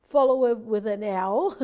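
Woman, Buddhist nun, Dharma teacher, informal online class, warm mellow tone, conversational, frequent restarts. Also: fairly high pitch, slight background noise. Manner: conversational, often restarts and repeats words, checks in with listeners. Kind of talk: informal Dharma class over a video call.

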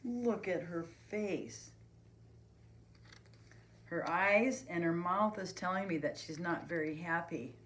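A woman who is a preschool teacher reads a picture book aloud to children, expressive and speaking to them directly. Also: on the low side, takes it slowly, pauses often, slight background noise.

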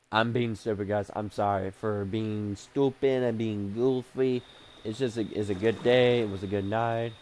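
A man giving casual gameplay commentary as the host of a gaming channel, rambling, excitable and self-mocking, swearing often. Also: mid-range voice, moderate pace, slight background noise.

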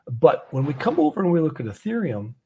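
A man's voice: fairly high pitch, huge pitch swings, brisk, creaky, a little mellow, slightly rough. A man from Canada hosting a casual trading livestream from an office, chatty and easygoing as he walks through charts. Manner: chatty, easygoing, laughs often.

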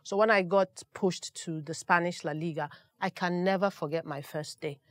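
A woman, a sports presenter telling lively, self-deprecating stories in a roundtable discussion. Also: fairly low pitch, moderate pace, dry recording. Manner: animated, self-deprecating storytelling.

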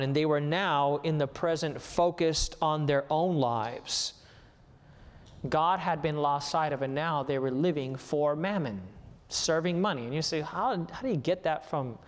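A man preaching a sermon, emphatic and rising to a raised voice as he reads scripture. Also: a little high. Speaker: pastor. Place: church sanctuary. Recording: livestreamed church sermon with long hall reverb.

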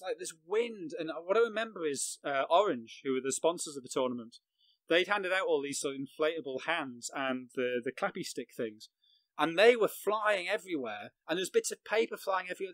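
A fairly high, slightly bright voice belongs to this middle-aged English football journalist, a podcast guest. He laughs at his own vivid, self-deprecating account of a match he covered, in a rough recording with no room sound.

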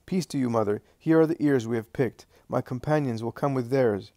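A man voicing a gentle, joyful and dignified male teacher who speaks in a calm, encouraging way. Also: medium pitch, brisk, no room sound, clean studio sound, close to an everyday voice.

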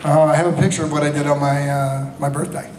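A man in his fifties, a convention panel guest, telling animated, joking anecdotes full of restarts and laughter. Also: a little high, quick pace. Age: 50s. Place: large convention hall. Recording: echoey hall with crowd ambience.

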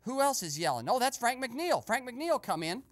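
A woman voicing an excitable male radio host who eavesdrops and gives gossipy running commentary full of exclamations. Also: on the high side, moderate pace. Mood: excited. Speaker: host and narrator. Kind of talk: comedic radio sketch narration.

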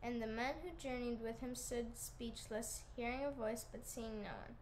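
A woman's voice: fairly high pitch, fairly even intonation, normal speed, a little mellow, slight background noise, low-quality recording. Woman reading scripture aloud steadily.

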